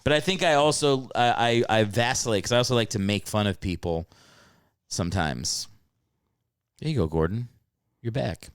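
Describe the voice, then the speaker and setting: A man with a smooth, resonant voice hosts a casual comedic podcast chat. He rambles and gets animated, jumping into squeaky high voices to act out stories. The sound is dry and close to the mic. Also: moderate pace, pauses often, no room sound. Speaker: podcast host.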